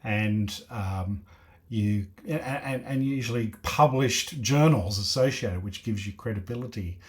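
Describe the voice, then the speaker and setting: A man with a fairly low voice reacts to a talk in casual commentary. He thinks aloud and often pauses and restarts his sentences. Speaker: host of a reaction video.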